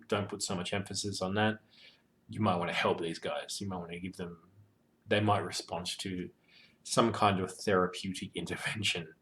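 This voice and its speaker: Low-voiced man rambling game-master advice. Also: fairly bright tone, a little hiss or hum. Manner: rambling, full of ums and you-knows, sweary and joking. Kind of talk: casual advice monologue.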